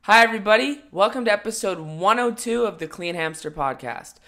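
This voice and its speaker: Young man, podcast host, morning voice, bright forceful tone, jokey rambling, loud-to-mumbled swings. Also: high voice, animated, moderate pace, a little hiss or hum. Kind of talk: casual solo podcast chat.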